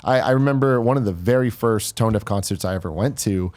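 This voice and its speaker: A man's voice: on the low side, brisk, a little mellow. A man co-hosting a podcast in casual chat, telling stories and acting out what people said. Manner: storytelling, acts out quoted voices. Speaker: podcast co-host.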